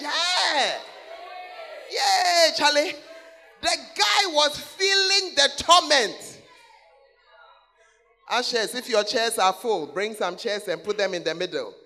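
A man preaching a sermon to a church congregation, calling out to the people in the seats and repeating key words, swinging between loud exclamations and low asides. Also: animated, takes it slowly, pauses often. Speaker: pastor. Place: large church hall.

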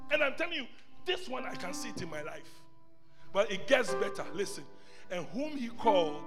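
A middle-aged man from Ghana, preaching a sermon as a bishop, emphatic and repetitive, moving between loud exclamations and quiet asides. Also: very high voice, animated, moderate pace. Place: church service hall. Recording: long reverb of a large hall, faint music.

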